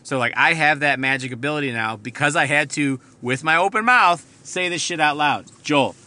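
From inside his car, a podcast host tells a rambling, profane story as a casual monologue. His voice is a little high and a little fast, bright and forceful.

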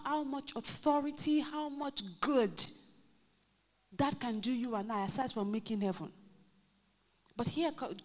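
A Nigerian woman pastor preaching a lively sermon, acting out quotes and joking with her congregation. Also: sits high. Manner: animated, acts out quotes, jokes with the congregation. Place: church hall. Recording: reverberant church hall.

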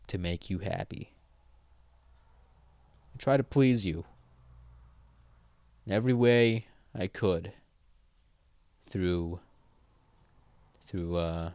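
Slow, rambling sleepy podcast man. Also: low voice, smooth, no room sound. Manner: rambling, swearing, self-correcting. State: just woken up, yawning. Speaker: podcast host. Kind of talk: casual solo podcast monologue.

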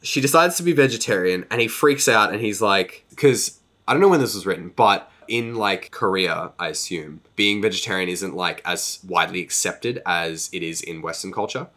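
A podcast co-host with a low, slightly bright voice recaps a book at a moderate pace in a casual chat. He is rambling and profane, packing in fillers and putting on mock voices for the characters.

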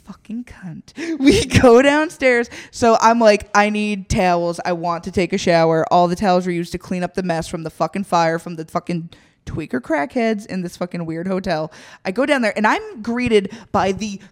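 A woman telling a story in casual chat, swearing heavily and animated, often breaking into laughter. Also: medium pitch, moderate pace.

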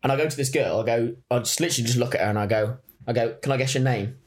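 A young man tells a rowdy story to friends at a fast clip. He swears freely and breaks into laughter, and his voice stays at a mid pitch throughout. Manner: animated, swearing, bursts of laughter. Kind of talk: casual chat, storytelling.

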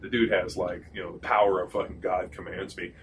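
Profane low-voiced man telling loose stories. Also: steady tone, a little fast. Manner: profane, rambling, full of fillers. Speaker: former pro football player telling stories. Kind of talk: casual storytelling. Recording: distant mic with clear background noise.

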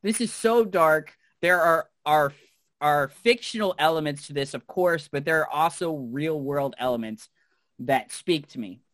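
A man's voice: on the high side, normal speed, a bit bright, dry recording. A man co-hosting a podcast in casual chat, effusive and leaning on filler words as he gushes. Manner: effusive, leans on "like". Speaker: podcast co-host.

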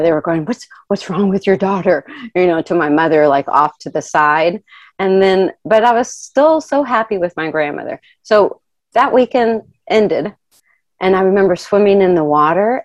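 Animated middle-aged woman telling a story. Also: lowish voice, no echo. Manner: animated, laughs often, acts out quoted voices. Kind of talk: personal storytelling.

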